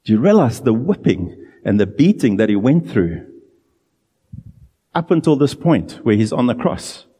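A man preaching a sermon in an earnest, emphatic way, drawing out key phrases slowly. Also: mid-range voice, sing-song, warm tone, husky, long reverb tail.

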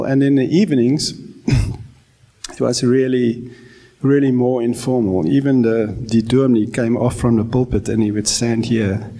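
A man's voice: mid-range voice, gravelly, warm tone. A man in his forties from South Africa with an Afrikaans accent, preaching a sermon in a conversational, self-deprecating way with false starts. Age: 40s. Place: church.

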